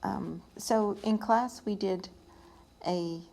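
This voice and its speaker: A woman's voice: medium pitch, slow pace, creaky, low-quality recording. A woman math teacher working through problems step by step in a recorded lesson, thinking aloud in a plain, patient way. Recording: loud background noise with pen writing sounds.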